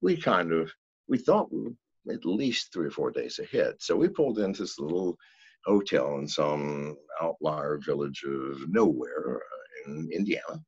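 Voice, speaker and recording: A man's voice: a bass voice, a little slow, breathy edge, no echo. Profane older man telling wild stories. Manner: profane, animated storyteller. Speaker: podcast guest. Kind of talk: casual storytelling. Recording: dull, lo-fi, dry sound.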